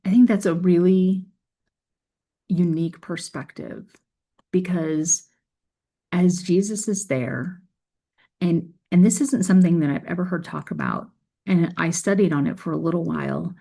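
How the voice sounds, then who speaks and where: A woman with a deep, mellow voice reads a scripture passage and then talks it through in an earnest, reflective way. Her delivery stays conversational, with a gravelly edge of vocal fry running through it. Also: measured pace, long pauses. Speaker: faith video creator. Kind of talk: scripture reading and reflective talk.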